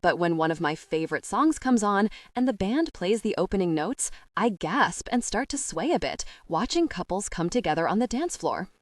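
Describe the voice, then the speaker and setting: Expressive young woman narrating romance. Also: medium pitch, normal speed, few pauses, no echo, clean studio sound. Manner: expressive, playful. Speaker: audiobook narrator. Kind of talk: first-person romance audiobook narration.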